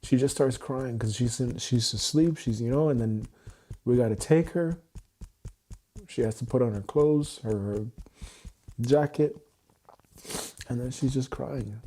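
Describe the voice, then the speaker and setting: A man talking unscripted on a livestream, raw and emotional, halting and repeating his phrases as he restarts them. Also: medium pitch, warm tone.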